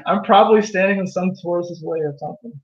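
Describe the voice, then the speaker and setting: Male tarot reader, high and chatty, dull lo-fi home recording. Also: fast talker. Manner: animated, laughs at own jokes, acts out quoted voices. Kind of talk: casual tarot reading monologue. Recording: echoey room, dull lo-fi sound.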